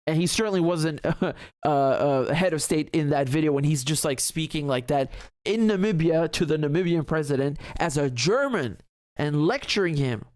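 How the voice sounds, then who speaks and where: A man's voice: fairly high pitch, animated, moderate pace, a little mellow, dry recording, clean studio sound. A man hosting a live political commentary show, reacting indignantly and emphatically to a video clip and swearing freely.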